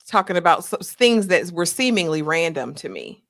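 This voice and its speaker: A woman co-reviewing a TV episode, talking in a measured, thoughtful way with a few fillers. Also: on the low side, sing-song, a bit bright. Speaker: co-host reviewer. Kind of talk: casual review discussion.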